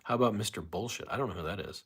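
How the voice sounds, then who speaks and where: Casting note: deep-voiced male livestream host, loose and rambling, chats with viewers at home. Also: racing, husky. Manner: rambling, reads chat comments aloud, many restarts. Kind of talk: casual solo livestream chat.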